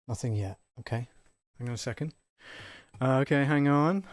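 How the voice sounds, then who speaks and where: Male host, mid-pitched, loose and chatty, dry close sound, talking himself through the steps. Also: a little slow, vocal fry, pauses often, dry recording. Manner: thinking aloud, chatty, with fillers and self-checks. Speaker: audio producer hosting a live stream. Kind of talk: casual live-stream tutorial. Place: home studio.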